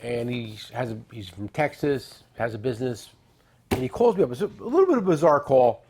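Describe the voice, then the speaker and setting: A middle-aged man hosting a tool show, chatting casually and joking as he pitches products and tells stories. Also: big pitch swings, brisk, darkish tone, breathy edge. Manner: joking, rambling, salesy with asides. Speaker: tool dealer and show host. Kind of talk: casual product talk and storytelling.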